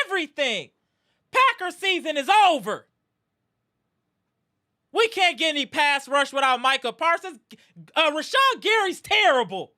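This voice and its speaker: High, lively woman ranting as a host. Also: unhurried, long pauses. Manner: angry, frustrated ranting with repeated shouts. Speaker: sports reaction host. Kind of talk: live fan reaction rant.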